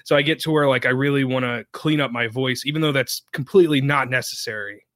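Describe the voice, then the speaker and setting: A man talks in a relaxed, rambling way, full of fillers. His voice sounds bright and forward at a middle pitch. He is recorded close and dry, with no room echo. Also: quick pace. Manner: relaxed, chatty, many fillers. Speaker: podcaster guest. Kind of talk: casual podcast chat.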